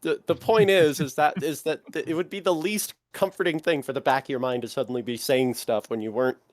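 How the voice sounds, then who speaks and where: A man playing a tabletop game, chatting in an animated, playful way. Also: fairly high pitch, a little fast, dry recording, clean studio sound. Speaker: player. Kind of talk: casual tabletop game chat.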